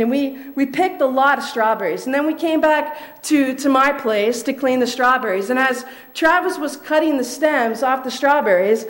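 A young woman preaching a sermon in a measured way, repeating key phrases for emphasis. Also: high voice.

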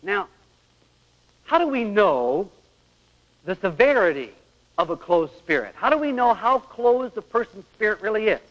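A man's voice: high-pitched, sing-song, a little slow, long pauses. A man giving an earnest talk on marriage, asking rhetorical questions and acting out examples. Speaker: speaker on marriage. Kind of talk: lecture with acted-out examples. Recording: dull radio recording with long hall echo.

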